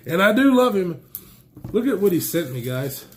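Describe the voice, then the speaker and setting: Casual excitable male gear reviewer, slightly raised pitch, allergy-stuffed, rambling. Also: normal speed, a little hiss or hum. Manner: enthusiastic, rambling, exclaims often. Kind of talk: casual unboxing chat.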